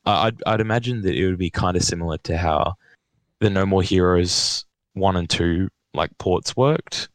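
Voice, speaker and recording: Low, dry-voiced man. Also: normal speed, dry recording. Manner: hesitant, restarts sentences. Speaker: remote podcast guest. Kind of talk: casual podcast chat.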